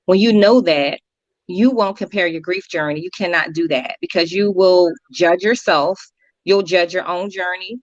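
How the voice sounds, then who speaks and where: A woman guest counselor talking earnestly in an interview, telling stories with lively repetitions. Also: fairly low pitch, moderate pace, dry recording. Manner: earnest, animated storytelling with repetitions. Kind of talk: conversational interview talk. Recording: dry, dull lo-fi audio.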